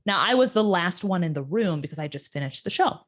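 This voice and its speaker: A woman guest in an interview telling a personal story, acting out the quoted voices with sudden jumps in pitch. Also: lively intonation, a little fast.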